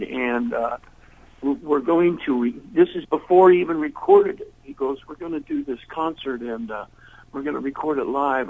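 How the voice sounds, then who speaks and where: A man's voice: a little high, creaky, phone-quality sound. An older man, a blues singer interviewed as a guest, telling rambling anecdotes and acting out the voices of people in them. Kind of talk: casual storytelling interview.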